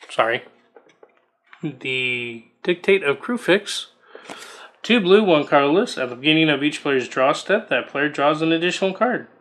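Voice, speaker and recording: A man's voice: a little high, bright, forceful tone. A man casually reading out trading card text as he opens booster packs, musing aloud between cards. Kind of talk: casual unboxing commentary.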